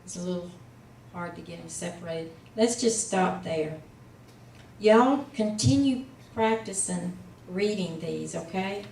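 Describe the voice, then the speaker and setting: A woman's voice: fairly low pitch, unhurried, vocal fry, a little mellow, slight background noise. A woman teaching a class, patient and a little tired, coaxing students along with frequent fillers. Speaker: Hebrew teacher. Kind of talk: slow, patient classroom instruction. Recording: echoey room, distant mic.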